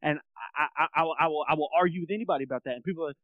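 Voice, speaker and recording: A man co-hosting a sports podcast in loose, animated chat. His voice sits on the higher side for a man, and he often slips into acted-out quotes. The sound is dry and close with no room around it. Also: rapid-fire, dry recording, narrow, tinny audio. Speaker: podcast co-host.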